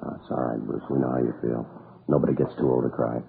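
A very deep-voiced calm detective. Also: male voice, fast. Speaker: police detective. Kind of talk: 1950s radio crime drama acting. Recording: tinny old radio broadcast, faint hiss.

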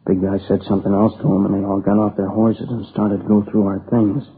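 Guy playing a young man grieving his buddy, kinda low and flat, halting, tinny old radio sound. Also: close to an everyday voice. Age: young adult. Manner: halting, subdued, plain-spoken. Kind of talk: radio drama acting. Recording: tinny lo-fi old radio recording with faint hiss.

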